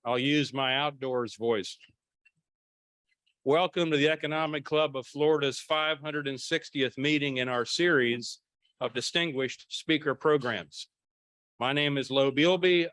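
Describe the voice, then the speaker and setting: A man's voice: medium pitch, fairly bright tone, no echo. A man serving as club president, welcoming a large crowd at a podium microphone in a banquet room and running through announcements in an orderly, genial way with light self-deprecating asides. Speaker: club president opening a luncheon meeting.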